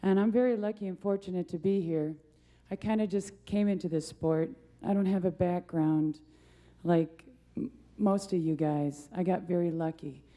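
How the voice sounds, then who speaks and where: A woman's voice: fairly low pitch, moderate pace, mellow. A young woman, a monster truck driver, giving a rambling, laughing award acceptance speech full of self-deprecating stories.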